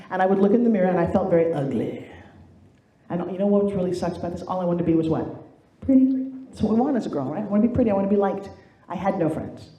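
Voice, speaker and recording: Woman, motivational speaker, warm mellow voice, lively storytelling, echoey room. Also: lowish voice. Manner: animated storytelling, acts out quoted voices. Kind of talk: motivational keynote speech. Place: stage in a large room.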